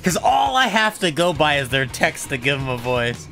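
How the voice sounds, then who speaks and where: A man's voice: fairly high pitch, very animated, normal speed, vocal fry, sharp tone, faint music behind. A young man streaming a video game, rambling and joking with stammered restarts. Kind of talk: casual game commentary.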